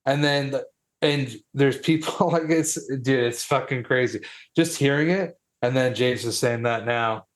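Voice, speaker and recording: Laughing, chatty podcast man. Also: medium pitch. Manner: laughs often, quick reactive banter. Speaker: podcast co-host. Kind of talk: casual podcast chat.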